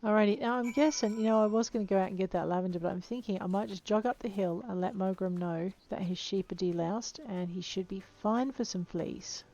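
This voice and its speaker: A woman's voice: mid-range voice, steady tone, fast talker, hardly any pauses, warm tone, highs cut off. A woman chatting playfully through her video game, talking to the creatures she meets. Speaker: game player. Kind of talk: let's play commentary.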